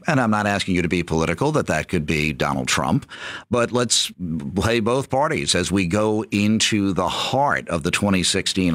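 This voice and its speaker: A man hosts a radio interview from a dry, close studio mic. His voice sits on the low side, and he talks conversationally as he lays out his questions. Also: a bit bright, dry recording. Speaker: radio show host.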